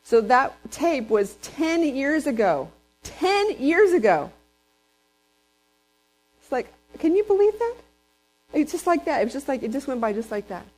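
A woman preaching a sermon in a slightly high voice. She tells stories with energy, acts out what people said and puts questions to the congregation. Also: measured pace, long pauses, low-quality recording. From Texas. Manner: lively storyteller who acts out quotes and asks the congregation questions. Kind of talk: storytelling sermon.

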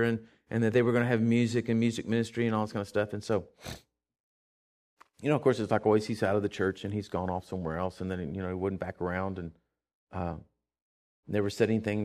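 A man's voice: lowish voice, flat delivery, fast talker, darkish tone. A man preaching a sermon, telling a story in a conversational way and building to emphatic, repeated declarations. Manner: conversational with frequent fillers and restarts.

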